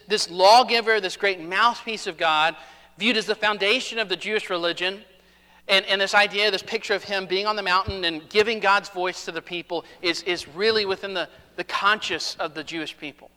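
A man's voice: sits high, normal speed, sharp tone, big-room sound. A man preaching a sermon as a pastor, earnest, dropping his voice to quote scripture.

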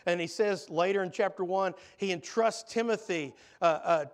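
High-voiced earnest male preacher. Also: normal speed, few pauses. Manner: earnest, repeats words when starting sentences. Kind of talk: Bible class sermon.

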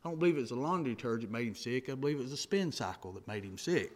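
A man's voice: medium pitch, lively intonation, rapid-fire, voice pushed down, lightly acted. A man voicing a stubborn young boy of about eight in a told joke, insisting matter-of-factly.

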